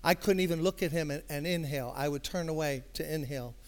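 An older Brooklyn man with a New York accent speaks fast at a fairly high pitch. He's a pastor telling a story in a sermon in a church sanctuary, conversational and acting out dialogue before swelling into emphatic passion.

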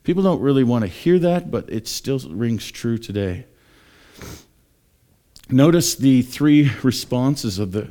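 Man preaching a sermon in church. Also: dark tone. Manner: mocks scoffers in high put-on voices. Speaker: pastor.

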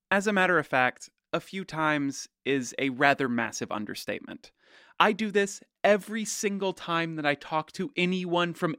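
Male podcast host, loud and teasing, dry close sound, a little higher than most men. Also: dry recording. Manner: loud and brash; playful, teasing. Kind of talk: scripted podcast narration.

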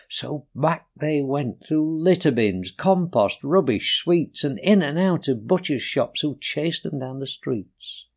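A man reading rhyming children's poems aloud in a gentle, sing-song way. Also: fairly high pitch, animated, slow pace, hardly any pauses. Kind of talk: rhyming storybook narration.

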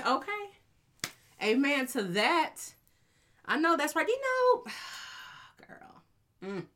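Bright-voiced woman podcast host. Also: a little high, slow, pauses often. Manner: lively, chatty, calls listeners honey and y'all. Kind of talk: casual podcast chat. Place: home studio.

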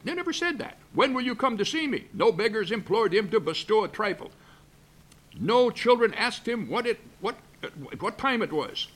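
A man playing a grumpy curmudgeon who reads a holiday story aloud with gruff asides and chuckles. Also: high voice, fairly bright tone, full character voice. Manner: gruff asides, chuckling, stumbling over words. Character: grumpy Scrooge-loving male curmudgeon reading a story. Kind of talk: comic reading of a holiday story. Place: backstage at a museum.

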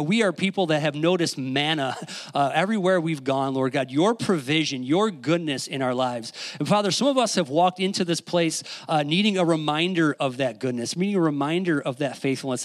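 A man leading an earnest spoken prayer in a church service. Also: fairly high pitch. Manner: earnest, with repeated "Lord God". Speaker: prayer leader.

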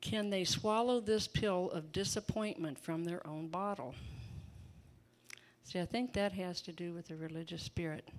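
A woman's voice: fairly low pitch, normal speed. A woman preaching an informal sermon in a chatty, folksy way, laughing often and breaking into asides.

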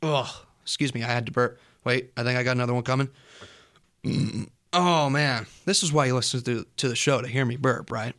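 A man's voice: medium pitch, steady tone, quick pace, hardly any pauses, a bit bright. Rambling young man hosting college radio. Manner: rambling, joking, easily distracted. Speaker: college radio show host. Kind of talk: casual radio chat. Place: radio studio.

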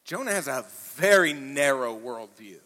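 A man preaching a sermon to a church, talking conversationally, dropping to quiet asides and rising to loud emphatic peaks. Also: mid-range voice, expressive, moderate pace, in a large hall. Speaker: pastor. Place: church auditorium.

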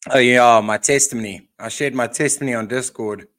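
A South African man co-hosting a podcast, chatting in a relaxed way and laughing easily. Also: mid-range voice, brisk. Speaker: podcast co-host. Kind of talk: casual chat.

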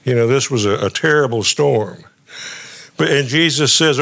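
Man, middle-aged pastor, sermon, halting, repeats words, plain mid pitch. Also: gravelly, fairly bright tone. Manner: halting, repeats words often, conversational preaching. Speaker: guest pastor.

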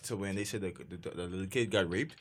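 A man's voice: low-pitched, quick pace, a bit bright, a little hiss or hum. A man on a podcast, rambling and mumbling through his points. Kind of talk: casual podcast banter.

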